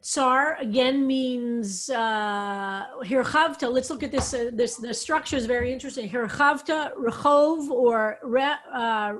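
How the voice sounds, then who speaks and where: A fairly high-voiced woman rabbi speaks slowly and deliberately over a video call. She walks her class through Hebrew words, one root at a time, in a patient teaching manner. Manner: explanatory, unhurried, spells out Hebrew roots. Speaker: rabbi teaching a psalm study. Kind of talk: online Bible study class.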